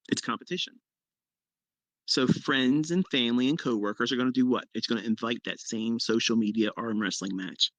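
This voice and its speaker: A man's voice: a bit bright, no echo. Blunt, profane middle-aged man storyteller. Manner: blunt and profane, with sudden emphatic jumps in pitch. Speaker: trading mentor. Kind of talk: casual storytelling on a live audio chat.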